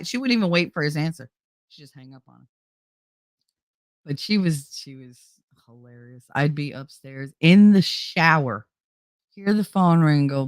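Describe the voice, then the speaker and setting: A woman's voice: sits low, expressive, moderate pace, pauses often, no room sound. A middle-aged woman hosting her own channel, chatting casually to viewers in a rambling, joking way and laughing often. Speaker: YouTube channel host.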